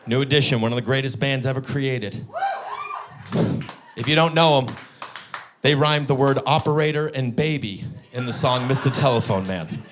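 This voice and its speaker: A man doing a stand-up comedy set on a live stage, animated and breaking into loud high-pitched punchlines. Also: moderate pace, noisy background.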